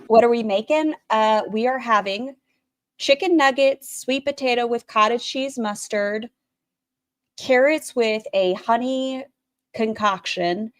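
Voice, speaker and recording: A woman's voice: a little high, unhurried, no room sound, studio quality. A woman streamer giving blunt, opinionated commentary while reacting to another stream and talking to her chat.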